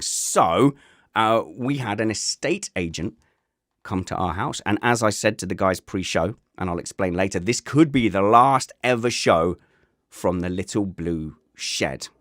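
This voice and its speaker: A man's voice: fairly low pitch, fairly bright tone, no room sound, clean studio sound. A man hosting a casual podcast, jokey and self-mocking. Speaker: podcast host.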